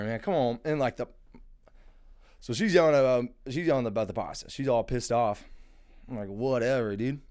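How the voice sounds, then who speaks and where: A man's voice: mid-range voice, a little mellow, clear, resonant tone. A young man in his twenties hosting a solo podcast, rambling and swearing in a mocking, casual rant. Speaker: podcast host.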